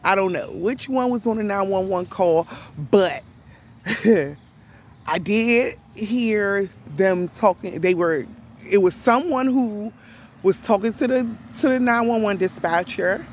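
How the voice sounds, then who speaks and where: A woman retelling an event to viewers in casual speech, deliberate and emphatic, pressing her points with rhetorical questions. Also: mid-range voice, slight background noise. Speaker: storyteller recounting an event to viewers.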